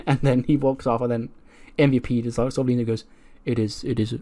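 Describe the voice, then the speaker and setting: A man's voice: medium pitch, flat delivery, fairly quick, mellow. A man giving casual, amused commentary as he retells a game storyline, voicing the characters along the way. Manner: chatty, amused, narrates with voiced quotes. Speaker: let's play creator.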